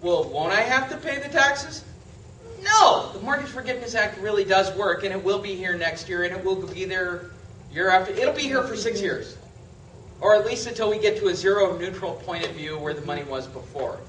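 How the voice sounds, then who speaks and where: A high, bright-voiced man delivers an emphatic seminar lecture, firing off rhetorical questions. He is picked up from across a large echoey room. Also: a little fast, far from the mic, a little hiss or hum. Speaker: real estate trainer.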